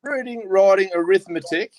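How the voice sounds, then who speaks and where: A man's voice: high-pitched, moderate pace, no room sound, poor audio. A man with an Australian accent hosting a casual chat, talking bluntly and swearing as he rambles. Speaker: host.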